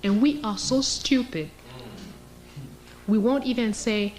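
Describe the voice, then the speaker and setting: A woman's voice: on the high side, takes it slowly, long pauses, darkish tone, faint music behind. A woman professor from Haiti lecturing with passion, sarcastic and rhetorical. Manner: rhetorical, sarcastic, role-playing scenarios. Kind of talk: impassioned lecture.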